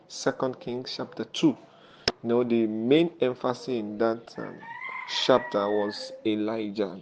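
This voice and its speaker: A man teaching a sermon who keeps asking his listeners "are you there?" and pauses often with fillers. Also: medium pitch, gravelly, darkish tone. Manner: halting, with many fillers and restarts. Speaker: preacher. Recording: dull lo-fi audio.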